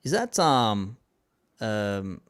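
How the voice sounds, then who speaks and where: A man's voice: fairly low pitch, sing-song, drawn-out words, clear, resonant tone. A man hosting a casual commentary show, reading viewer comments in a laid-back way, dropping "man" and "like" often.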